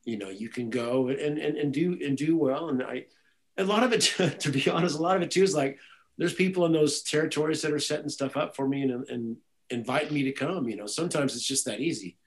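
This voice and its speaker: A man's voice: a little high, fairly quick, low-quality recording. A man, a guitarist and music director, telling stories in a casual interview with many restarts. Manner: rambling, animated storytelling with many restarts.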